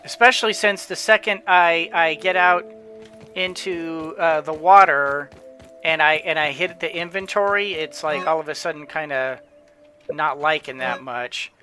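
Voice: mid-range voice, fairly even intonation, measured pace, sharp tone, soft background music. A gamer giving casual gameplay commentary, rambling with frequent restarts and chuckling to themself. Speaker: let's play gamer.

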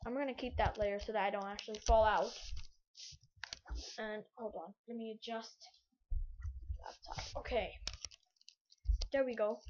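A woman's voice: on the high side, steady tone, a little slow, long pauses, darkish tone. A woman giving rambling gameplay commentary, thinking aloud as she plays, on a laptop mic in a room at home. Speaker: let's play gamer. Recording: dull lo-fi mic, faint hiss.

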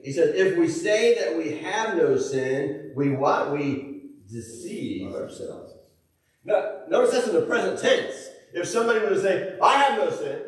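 Pastor guy preaching, kinda high voice, folksy asides, big echoey church heard from a ways off. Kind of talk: sermon. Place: church auditorium. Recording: echoey church hall, mic at a distance.

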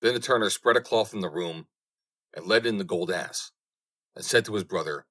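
A man narrating a fairy tale audiobook with measured storytelling. His voice sits very low in pitch. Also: a bit bright.

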